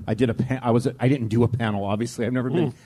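A man co-hosting a live podcast, telling jokey stories with quick laughs. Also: mid-range voice, steady tone, warm tone, a little hiss or hum. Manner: joking storyteller with quick laughs. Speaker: podcast co-host. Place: live show before an audience.

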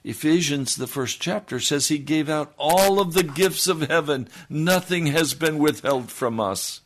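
A man preaching a sermon, swinging between loud declarations and hushed, low passages. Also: measured pace.

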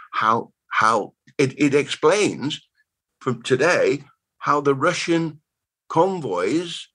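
An older man in his eighties speaks with a Bristol lilt and a husky, slightly rough voice at a middling pitch. He tells stories as a guest in a loose, rambling way, often restarting words mid-thought. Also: a bit bright, rough recording. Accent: Bristol English. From Bristol, England. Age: 80s. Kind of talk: casual conversational storytelling.

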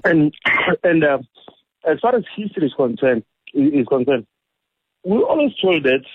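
A man's voice: medium pitch, breathy edge, dry recording. A South African man calling in to a radio show, asking questions and often repeating words. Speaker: caller. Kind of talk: phone-in call. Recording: phone line.

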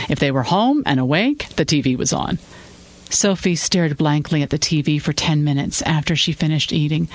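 Man narrating a crime story. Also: on the high side. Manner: measured storytelling. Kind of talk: scripted fiction narration.

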